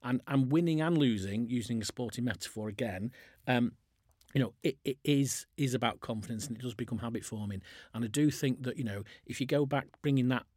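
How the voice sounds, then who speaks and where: A man's voice: medium pitch, brisk, a little mellow, no echo, clean studio sound. A man, chairman of a business, talking casually on a podcast, telling sports stories and often restarting his sentences. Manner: chatty, restarts a lot, uses sports stories.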